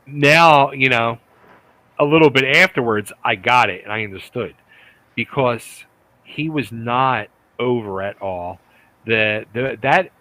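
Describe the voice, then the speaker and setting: Excitable, profane man telling stories. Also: mid-range voice, dry recording, low-quality recording. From United States. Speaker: guest, retired wrestler. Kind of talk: casual interview chat.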